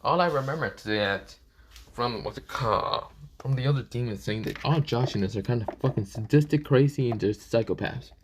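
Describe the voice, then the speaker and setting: A man's voice: mid-range voice, fairly quick, a little hiss or hum, natural voice. A man voicing a cursing, suspicious young ninja. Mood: angry. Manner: profane, incredulous. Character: foul-mouthed wary young male ninja.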